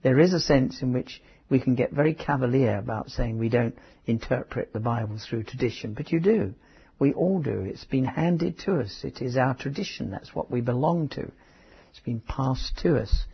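A man preaching a conversational Bible teaching, halting, with restarts and asides. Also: medium pitch. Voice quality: very husky. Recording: dull lo-fi sermon recording.

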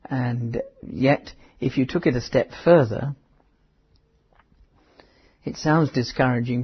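Very husky male preacher. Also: mid-range voice. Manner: halting, with restarts and asides. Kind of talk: conversational Bible teaching. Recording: dull lo-fi sermon recording.

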